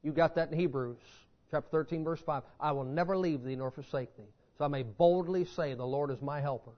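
A pastor preaches fervently to his congregation, driving hard on key words, then dropping low and intense. His voice sits high for a man. The church recording sounds dull and lo-fi. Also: a little fast. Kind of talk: sermon.

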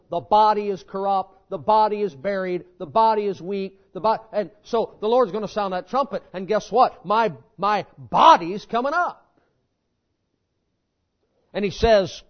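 High-voiced preacher, lo-fi recording. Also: male voice. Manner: folksy, animated storytelling preaching. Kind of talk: sermon. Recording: dull lo-fi sermon recording.

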